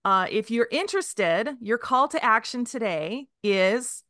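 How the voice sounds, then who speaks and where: Woman podcast host, upbeat and promotional, bright voice, dry close sound. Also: fairly high pitch, lively intonation, a little slow, no room sound. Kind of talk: podcast interview wrap-up.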